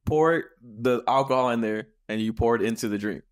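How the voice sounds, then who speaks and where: A man's voice: medium pitch, normal speed. A podcast co-host, a man, joking in casual chat and laughing often. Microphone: studio podcast mic.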